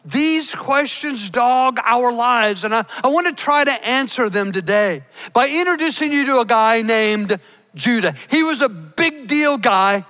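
A man preaching a sermon, emphatic, slowing down to stress key words. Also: very high-pitched, animated, pushed and bright. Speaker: pastor. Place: church.

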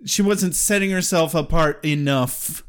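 A man's voice: on the high side, measured pace. A man co-hosting a podcast, chatting casually and joking, laughing often. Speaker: podcast co-host. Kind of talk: casual chat.

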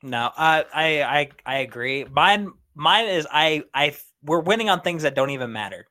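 A man's voice: a little high, animated, normal speed, sharp tone. A man calling in to a talk show over a crackly internet line, rambling with many hesitations. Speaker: caller. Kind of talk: casual call-in chat. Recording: crackly internet call audio.

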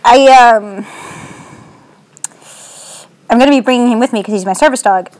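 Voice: mid-range voice, moderate pace. A young adult vlogger talking into a phone in a casual, anxious, rambling way. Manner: anxious, rambling, self-deprecating.

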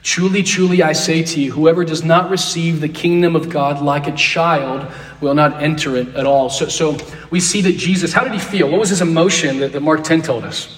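A man's voice: on the high side, moderate pace. A man leading an interactive Bible lesson, asking the class questions and repeating key phrases. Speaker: Bible teacher. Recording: roomy echo, distant mic.

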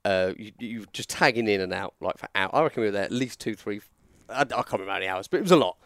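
A man's voice: on the low side, animated, very fast, fairly bright tone, no room sound, clean studio sound. Man rambling through a story. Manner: rambling, self-mocking, lots of restarts. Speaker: podcast co-host, former wrestler. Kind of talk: casual storytelling chat.

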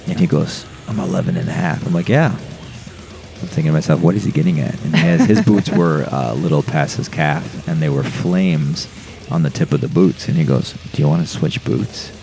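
A man's voice: extremely low pitch, normal speed, creaky, over music. A young man, a guest on a podcast, telling a rambling, profane story with many fillers. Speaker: podcast guest, metal musician. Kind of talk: casual storytelling.

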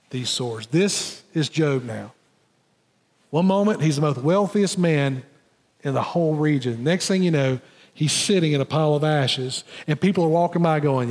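A male pastor preaching a sermon, dropping to soft, low phrases and then rising loud and emphatic. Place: church sanctuary. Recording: long hall reverb.

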